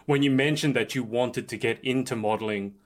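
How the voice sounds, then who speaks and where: A man's voice: medium pitch, brisk. A man hosting a live interview, asking curious, earnest questions with some hesitations and restarts. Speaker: interview host. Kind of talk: casual interview.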